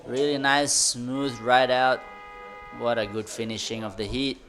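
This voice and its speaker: A man commentating live on a surf contest, excitable, in loose, broken phrasing. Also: medium pitch, measured pace, faint music behind.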